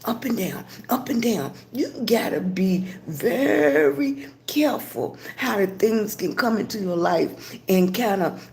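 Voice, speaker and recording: Southern grandma chatting on a livestream. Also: female voice, medium pitch, animated, measured pace, creaky. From Virginia. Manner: warm, greets viewers by name, motivational. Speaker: livestream host. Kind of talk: casual livestream chat.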